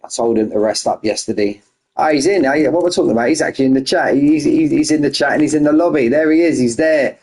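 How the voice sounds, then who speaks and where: A man's voice: a little high, fast talker, darkish tone, slightly rough. A man hosting an online racing league stream, chatting casually and greeting viewers one by one as mates. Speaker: race league host.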